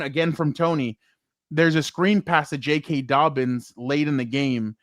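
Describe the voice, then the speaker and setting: A man hosting a casual sports talk show, telling animated stories full of fillers and acted-out quotes. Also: fairly high pitch, no room sound, studio quality. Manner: animated storyteller, many likes and fillers.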